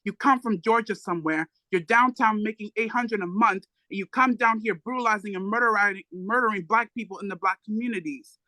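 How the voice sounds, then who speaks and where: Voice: medium pitch, fairly quick, hardly any pauses, bright, forceful tone, dry recording, pitched above the performer's own voice, lightly acted, poor audio. A reader voicing a defiant young male activist who taunts and insists.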